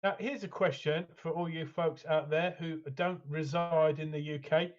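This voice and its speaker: A man with a fairly high voice co-hosts a hobby chat, rambling keenly and filling gaps with "uh" and "man". His sound is dull and lo-fi. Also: fairly even intonation, normal speed. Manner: enthusiastic, rambling, lots of fillers. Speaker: co-host.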